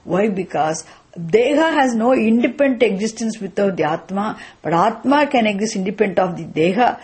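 A woman's voice: medium pitch, lively intonation, normal speed, a little mellow, breathy edge. A woman teaching a scripture class, asking questions and answering them herself, repeating the key phrases. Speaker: Vedanta teacher.

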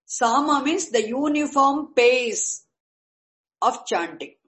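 Slow, patient woman teacher. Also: sits high, lively intonation, fairly bright tone, low-quality recording. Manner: patient, repeats and restarts while explaining terms. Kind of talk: lecture on Vedic chanting.

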